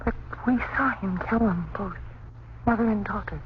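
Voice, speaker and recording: A woman's voice: medium pitch, normal speed, natural voice. An actress playing a terrified young mother in an old radio drama, pleading in breathless fear. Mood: shaken. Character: terrified young mother shielding her little son. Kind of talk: 1930s radio drama acting. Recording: noisy muffled old radio recording.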